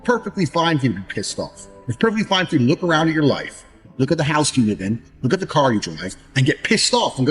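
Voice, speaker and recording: A man's voice: medium pitch, very animated, fast. A man gives a blunt, profane motivational speech and mocks people's excuses. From England. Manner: mocks others by acting out their excuses. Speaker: motivational speaker. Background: faint background music.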